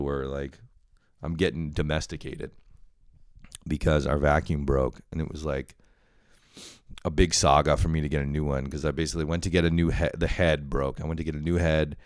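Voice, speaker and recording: Speaking at a normal pace with long pauses, a young man from Canada delivers a casual solo podcast monologue full of rambling, cursing, self-deprecation and frequent laughter. He has a steady bass voice, darkish and clean in tone, captured as clean studio sound with no room noise.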